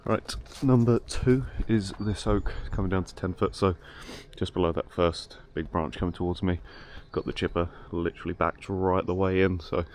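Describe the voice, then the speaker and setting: A man with a somewhat low voice talks through his tree work in a brisk, matter-of-fact way. He is recorded outdoors on a work site. Clear outdoor noise sits under his voice the whole time. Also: fairly even intonation, darkish tone. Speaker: tree surgeon. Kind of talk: casual vlog narration.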